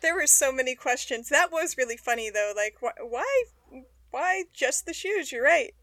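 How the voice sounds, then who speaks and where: Bright, dry-sounding young woman chatting. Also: high-pitched, dry recording. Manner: chatty, animated, quick to laugh. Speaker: podcast co-host. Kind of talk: casual chat recapping a TV episode.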